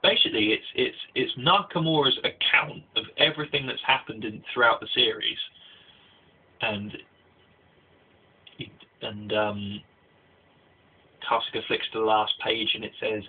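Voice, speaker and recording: Husky low-voiced man rambling through a review. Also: normal speed, pauses often. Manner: rambling, many restarts and "like" fillers. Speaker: anime reviewer. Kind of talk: casual spoken review. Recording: tinny phone-like low-quality audio.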